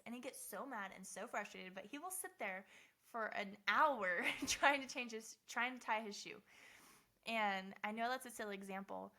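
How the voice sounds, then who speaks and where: Bright-voiced earnest young woman speaker. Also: a little high. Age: 20s. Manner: earnest, heartfelt, repeats phrases for emphasis. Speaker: motivational speaker. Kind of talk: personal motivational talk.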